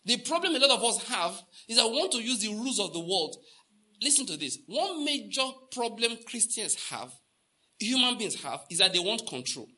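Here a Nigerian pastor speaks high and pushed, with a bright tone and big swings in pitch, at a normal pace. Through his sermon he tells stories, acts out conversations, repeats key lines, and questions the congregation.

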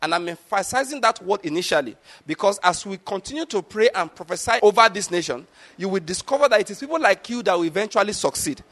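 A man's voice: high-pitched, lively intonation, fast talker, a bit bright. A middle-aged man preaching a sermon, emphatic and often checking that his listeners follow. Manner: emphatic, repeatedly asks the congregation if they follow. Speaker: pastor.

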